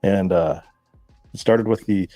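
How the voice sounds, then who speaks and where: A man telling profane, animated stories in a casual chat, laughing as he goes. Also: low voice, unhurried, dry recording, faint music behind. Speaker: guest. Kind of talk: casual storytelling.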